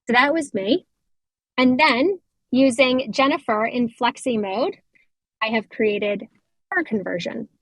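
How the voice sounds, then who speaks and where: An American woman demonstrating voice software step by step, explaining as she clicks, with fillers and quick self-corrections. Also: on the high side, dry recording, low-quality recording. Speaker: product demonstrator. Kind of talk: software demo walkthrough.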